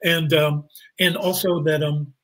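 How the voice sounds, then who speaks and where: Husky, animated male actor telling stories. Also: fairly high pitch, measured pace, low-quality recording. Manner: animated, acts out quotes in voices. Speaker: guest actor and improviser. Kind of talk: anecdotal interview storytelling.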